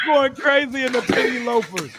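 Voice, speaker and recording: A man's voice: extremely high pitch, lively intonation, normal speed, heavy background noise. A man, hosting a casual sports livestream, slangy and laughing often. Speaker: sports podcast host.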